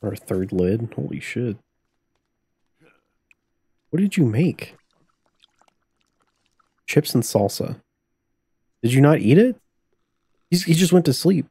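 A man's voice: mid-range voice, sing-song, slow, vocal fry, pauses often, mellow, slightly rough, no echo. A young man live-streaming a life-sim game, cursing, joking and laughing as he reacts to what happens. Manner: profane, joking, laughs often. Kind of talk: casual live-stream commentary while playing.

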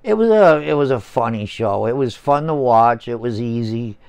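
A man's voice: mid-range voice, animated, normal speed, gravelly, darkish tone, smooth, dry recording. A man in his sixties, a channel host ranting casually with heavy swearing, heated sarcasm and repeated words. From United States. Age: 60s. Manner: profane, swears often. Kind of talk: casual rant to camera.

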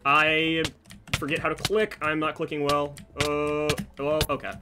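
Over background noise, a man with a slightly high voice and measured pace narrates a story while commentating his own gameplay. He keeps breaking away for animated asides about the match.

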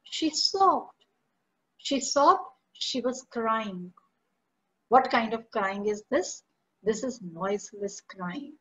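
A woman's voice: a little high, lively intonation, slow, dull audio. A woman teacher with an Indian English accent explaining a school chapter line by line in an online class, mixing in Hindi. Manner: patient, explains each line, switches between English and Hindi.

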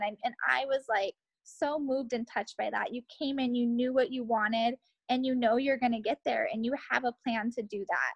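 A woman's voice: on the high side, fairly even intonation, normal speed, vocal fry, hardly any pauses, no echo, low-quality recording. A woman leading a team video call, gushing with effusive praise. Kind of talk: casual live video chat.

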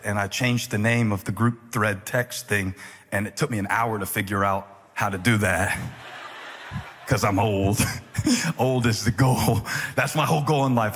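Man, pastor, husky voice, joking storyteller, builds to loud preaching, long hall reverb. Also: lowish voice. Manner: animated, joking, rising to loud emphatic preaching. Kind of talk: humorous storytelling sermon.

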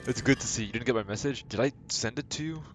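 A man's voice: medium pitch, fast talker. A young man streaming a video game live, chatting to his viewers in a rambling, playful, self-deprecating way. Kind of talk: casual live-stream chat while gaming. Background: game music.

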